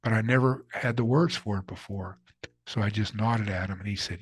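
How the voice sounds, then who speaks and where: Slightly rough and a little fast, this older man's low-leaning voice carries earnest, candid personal stories as an interviewed author, and he performs the quotes of the people in them. The recording has no room sound, and the conversation is reflective.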